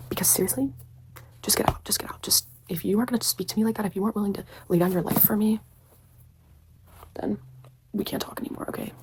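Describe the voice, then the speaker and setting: A young woman reviewing books in a casual vlog, gushing, full of fillers, often dropping to a whisper. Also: medium pitch. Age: young adult. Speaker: book reviewer.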